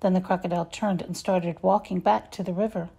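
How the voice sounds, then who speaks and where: A woman reading a children's story aloud, expressive and measured. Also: fairly low pitch, vocal fry, slightly rough. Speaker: reader.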